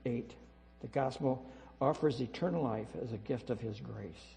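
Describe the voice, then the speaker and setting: A man preaching a sermon as pastor, emphatic and repetitive, swinging between loud declarations and quiet asides. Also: medium pitch, normal speed, gravelly, faint music behind. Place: church sanctuary. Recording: reverberant hall with mains hum.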